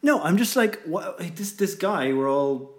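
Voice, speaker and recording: A man's voice: fairly high pitch, lively intonation, a little slow. Rambling, musing man. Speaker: podcast co-host. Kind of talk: casual chat.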